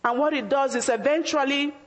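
A woman's voice: high voice, brisk. A woman preaching a sermon in an emphatic, exhorting manner, acting out the anxious questions of her listeners. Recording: long hall reverb.

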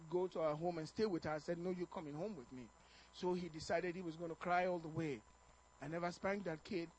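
A middle-aged man preaching a sermon, telling family stories in an animated way, chuckling and stammering now and then. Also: high voice, low-quality recording. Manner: animated storytelling, chuckling, acting out quotes with stammers. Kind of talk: sermon on parenting told as a personal story.

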